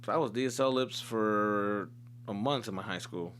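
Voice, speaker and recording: A man's voice: moderate pace, slight background noise. A young man hosting a comedy podcast, telling stories in a loose, profane way and breaking into exaggerated impressions. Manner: animated, profane, swings into loud high-pitched impressions. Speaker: podcast host. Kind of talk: casual comedic storytelling.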